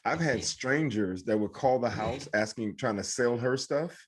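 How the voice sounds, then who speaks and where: A man co-hosting a podcast, easygoing and quick to chime in with agreement in casual chat. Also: medium pitch, slightly rough. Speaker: podcast co-host.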